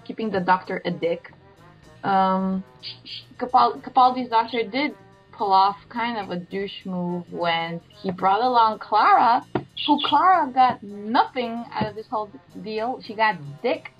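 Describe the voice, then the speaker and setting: A woman co-hosting a casual podcast chat, sarcastic and quick to swear, laughing at her own jokes. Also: mid-range voice, husky, soft background music. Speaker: podcast co-host. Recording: slightly dull lo-fi podcast audio.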